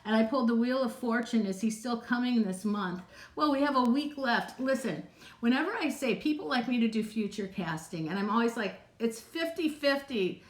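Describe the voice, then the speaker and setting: A woman's voice: a little high, animated, brisk. Chatty woman psychic in an echoey room. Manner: chatty, rambling, laughs often. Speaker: psychic answering viewer questions. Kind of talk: casual live-stream chat. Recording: roomy, echoey room sound.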